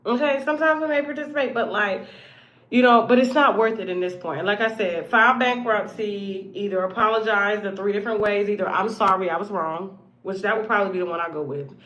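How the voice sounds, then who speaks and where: Brash, bright-voiced woman host. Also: medium pitch, fast talker. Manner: blunt, profane, swings between loud and hushed. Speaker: show host. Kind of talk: casual commentary monologue.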